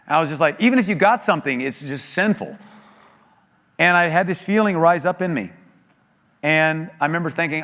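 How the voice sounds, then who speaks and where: A man's voice: moderate pace, pauses often. Earnest man preaching in reverberant hall. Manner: earnest storytelling, voice dropping low and quiet in grief. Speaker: guest speaker at a church. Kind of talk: sermon testimony. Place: church sanctuary.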